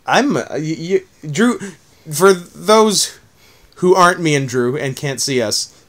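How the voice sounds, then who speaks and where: This young man co-hosts a loose, casual podcast chat, laughing often and swearing in passing. His voice sits a touch high for a man. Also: animated, slow pace, a bit bright. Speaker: podcast co-host.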